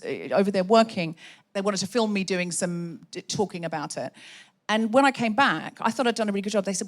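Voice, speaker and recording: A woman with a light Australian accent hosting a live podcast interview on a theatre stage, talking in a chatty way with many fillers and restarts. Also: medium pitch. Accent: Australian, light and variable. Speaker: podcast host.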